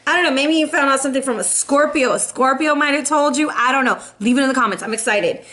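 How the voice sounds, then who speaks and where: Young woman, high voice, tarot reader, sassy and playful, laughs a lot. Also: fast, pushed and bright. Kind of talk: casual tarot reading.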